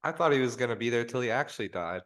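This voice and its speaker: A man's voice: medium pitch, lively intonation, rapid-fire, a bit bright. A young man co-hosting a sports podcast, talking hesitantly and stumbling over his words. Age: young adult. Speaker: podcast co-host. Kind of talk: casual sports chat.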